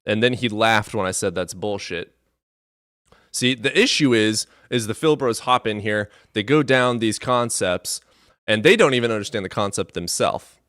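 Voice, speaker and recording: A man's voice: fairly low pitch, moderate pace, a bit bright, dry recording, clean studio sound. A man hosting a debate live stream, talking in a casual, sarcastic and profane way.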